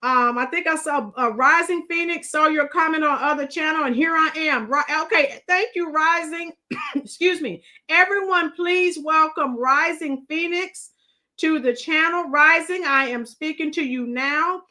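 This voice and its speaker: A middle-aged woman hosting a casual livestream, chatting with commenters and breaking into song, her voice a bit strained from shouting. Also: sits high, unhurried. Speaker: livestream host.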